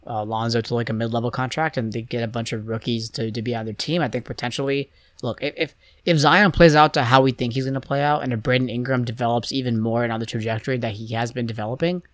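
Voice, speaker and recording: A man's voice: mid-range voice, fairly even intonation, quick pace, hardly any pauses, no echo. A young man co-hosting a podcast, talking casually about basketball in a rambling, hesitant way with many restarts. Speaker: podcast co-host. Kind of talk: casual sports chat.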